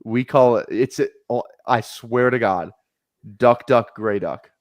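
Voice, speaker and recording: Man from Minnesota, excitable, dry sound, casual stream chat. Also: mid-range voice, unhurried, no room sound. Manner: animated, excitable storyteller. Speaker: fantasy football drafter.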